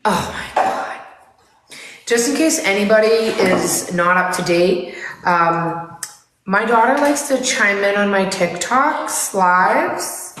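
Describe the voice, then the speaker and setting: A woman's voice: medium pitch, takes it slowly, background noise. A middle-aged woman co-hosting a casual chat, telling stories with lots of swearing and laughter. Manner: profane, storytelling, laughs often. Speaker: podcast co-host. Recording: very echoey room.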